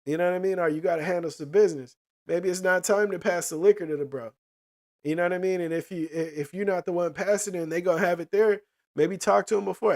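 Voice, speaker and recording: A man's voice: fairly high pitch, steady tone, fast, darkish tone. A man streaming to his chat in casual, profane slang, often checking in with "you know what I mean".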